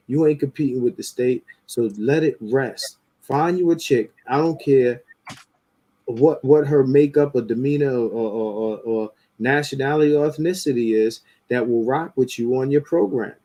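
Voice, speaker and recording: Male podcast host, mellow tone, casual and profane, animated. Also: medium pitch, normal speed. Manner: animated, profane, rising into mocking quotes. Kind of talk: casual opinionated talk.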